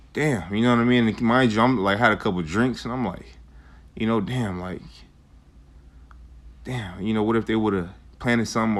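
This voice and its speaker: A young man telling a rambling, profane personal story in a casual way, with lots of fillers. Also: fairly low pitch. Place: Arizona.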